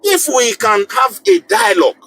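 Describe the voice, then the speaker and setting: His voice is very high, bright, and sing-song, at a moderate pace, as this Nigerian man rails about politics on a live call-in show. He presses his argument emphatically, looping back to repeat and restart phrases. The recording quality is rough.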